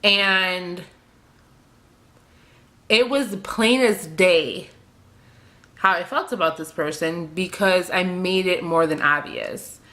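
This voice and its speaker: A woman's voice: fairly low pitch, takes it slowly, pauses often, sharp tone. A young woman talking in an emotional confessional vlog, hesitant and rambling, with many fillers and restarts, near tears. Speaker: beauty vlogger.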